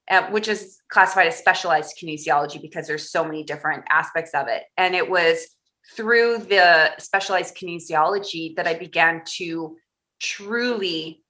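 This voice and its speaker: A woman's voice: lowish voice, pushed and bright. A woman guest on a podcast interview, telling a personal story candidly and with animation, often laughing through hard memories.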